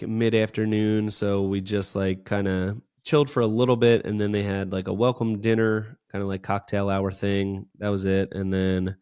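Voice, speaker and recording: Young man, fairly low voice, casual podcast chat, rambling storyteller, lots of fillers. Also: darkish tone, clean tone. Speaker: podcast co-host.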